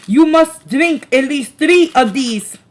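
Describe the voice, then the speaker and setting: A woman's voice: high voice, expressive, slow, voice pushed up. A woman imitating a strict woman nurse with a Japanese accent, giving firm orders. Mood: insistent. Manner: firm and insistent.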